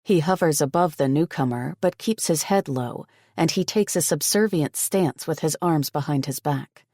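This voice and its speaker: A woman's voice: low-pitched, moderate pace, mellow, no echo. A woman narrating a first-person audiobook in a blunt, sarcastic manner with plenty of swearing, close to the mic.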